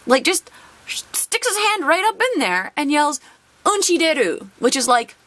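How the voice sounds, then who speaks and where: A woman's voice: high-pitched, sing-song, normal speed, pushed and bright, dry recording. A young adult woman, a teacher hosting her own channel, tells an exasperated work story with laughs while opening a card box.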